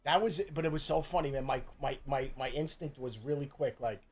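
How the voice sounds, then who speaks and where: Speaking fairly quickly in a mid-range voice with a breathy edge, a middle-aged man from Jersey City, USA, hosts a stream and tells a foul-mouthed story. His New Jersey accent comes through amid frequent stammering restarts.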